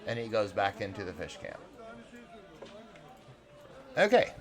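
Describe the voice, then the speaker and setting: A man narrating as game master in a relaxed, chatty way. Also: fairly low pitch, measured pace, long pauses.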